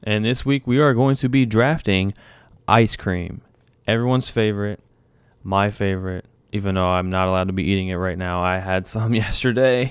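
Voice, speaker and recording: A man's voice: fairly low pitch, moderate pace, smooth, no echo. A young man hosting a casual podcast, running a draft like a mock announcer and joking around. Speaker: podcast host.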